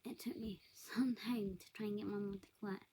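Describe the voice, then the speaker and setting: A woman's voice: mid-range voice, steady tone, moderate pace, dark tone, breathy edge, poor audio. A young woman telling personal family stories in a casual vlog, often dropping to a whisper and correcting herself as she goes. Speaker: vlogger.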